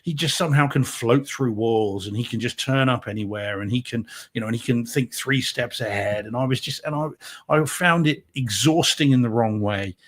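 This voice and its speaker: Male co-host, rambling and emphatic film chat, mid-pitched. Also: moderate pace. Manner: rambling, self-correcting, emphatic. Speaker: podcast co-host. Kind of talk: casual film review chat.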